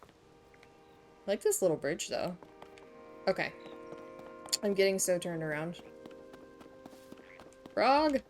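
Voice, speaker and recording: A woman's voice: on the low side, slow pace, pauses often. A woman streaming a video game, chatting to herself and her viewers and reading the game's lines aloud. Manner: chatty, muses aloud, reads game text. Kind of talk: casual gameplay chat. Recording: faint game music behind.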